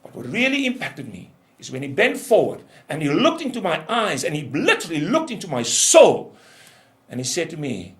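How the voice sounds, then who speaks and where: A man's voice: huge pitch swings, normal speed. Older man preaching with dramatic swings. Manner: intense storytelling, swinging from loud outbursts to hushed lows. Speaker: ministry leader and trainer. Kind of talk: testimony preaching.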